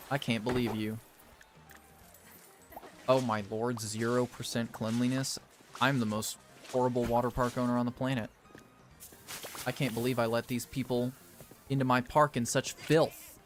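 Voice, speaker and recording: A man's voice: medium pitch, fairly even intonation, moderate pace, pauses often, slight background noise. A man playing a game and commenting as he goes, theatrical and exasperated as he scolds the characters. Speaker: gaming video creator.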